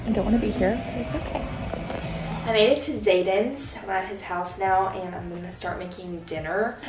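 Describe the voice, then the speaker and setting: A young woman in her twenties chats casually in a home vlog, bubbly and quick to gush. The room is echoey. A faint hum of noise sits in the background. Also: mid-range voice. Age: 20s. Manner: bubbly, gushing, giggly. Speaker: vlogger. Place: home, indoors.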